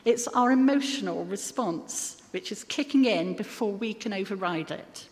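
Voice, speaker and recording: A woman's voice: mid-range voice, expressive, moderate pace. A woman preaching a sermon in an earnest manner, with occasional self-deprecating asides. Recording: long hall reverb.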